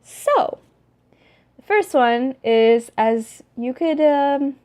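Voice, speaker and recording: A young woman vlogging to her camera, chatty and rambling with lots of fillers and restarts. Her voice sits a little high, and she talks with animated energy. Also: drawn-out words. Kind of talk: casual vlog talk to camera.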